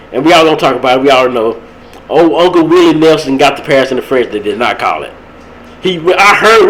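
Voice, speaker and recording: Podcast host, young man, slightly high voice, loose rambling delivery, faint noise bed. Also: low-quality recording. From Texas. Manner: rambling, animated, laughs at his own stories. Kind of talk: casual sports talk.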